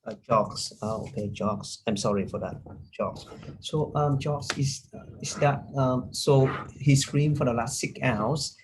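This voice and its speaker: A man playing a doctor in a practice medical exam, asking polite questions haltingly with many fillers. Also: medium pitch, slight background noise, rough recording. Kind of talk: medical exam role-play.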